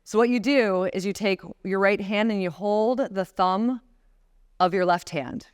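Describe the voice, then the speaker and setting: Speaking a little slowly in a clear, resonant mid-range voice, a woman in her forties addresses a seated conference audience as a guest speaker. Her motivational talk speaks directly to the listeners while guiding them through breathing exercises.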